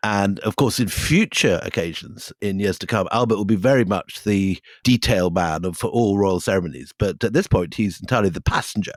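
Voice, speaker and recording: A man's voice: on the low side, fairly quick, few pauses, dry recording, clean studio sound. A man co-hosting a history podcast, explaining events in an amused way and chuckling between points. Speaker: podcast co-host.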